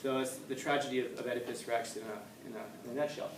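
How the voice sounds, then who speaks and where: Animated storytelling man in an echoey classroom. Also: mid-range voice, quick pace, a little hiss or hum. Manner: storytelling, acting out characters, joking with students. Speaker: teacher. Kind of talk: casual classroom lecture. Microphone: distant room mic. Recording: echoey classroom recorded from far off.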